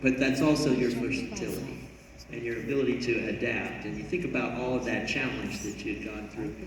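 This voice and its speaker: A man's voice: medium pitch, fairly even intonation, brisk. A man interviewing a guest, reflecting back on his path in an encouraging way before asking a question. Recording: echoey hall from far off, noisy.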